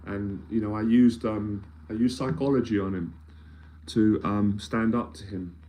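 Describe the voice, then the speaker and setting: Earnest man, low mellow voice. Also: steady tone, measured pace. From London, England. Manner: earnest and emphatic, repeating phrases as he builds a point. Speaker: anxiety mentor. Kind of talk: live-streamed talk with viewer questions.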